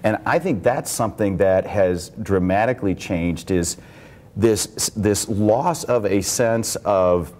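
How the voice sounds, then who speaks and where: Middle-aged man, from Iowa, very low voice, congressman, measured, explanatory. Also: darkish tone. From small-town Iowa. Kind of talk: public speaking at a campus event.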